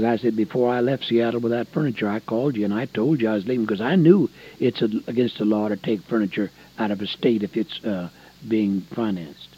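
A man preaching a folksy sermon, dropping to soft low asides and rising to emphatic points. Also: moderate pace, breathy edge. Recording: dull lo-fi recording.

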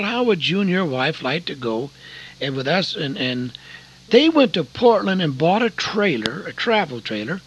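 An older man from Oregon preaching a sermon, earnest and folksy, telling a story with sudden loud emphasis. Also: mid-range voice, breathy edge, low-quality recording. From Oregon, USA.

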